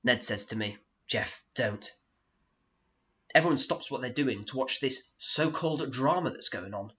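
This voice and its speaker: A man performing a solo theatre monologue, narrating in a deadpan, sardonic, self-mocking way, on a dull lo-fi recording. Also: medium pitch, fairly quick.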